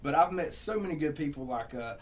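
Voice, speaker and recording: A songwriter from Southeast Georgia with a Southern accent, telling rambling, laughing, profane stories in a casual chat. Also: male voice, on the high side, expressive, fairly quick. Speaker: songwriter guest.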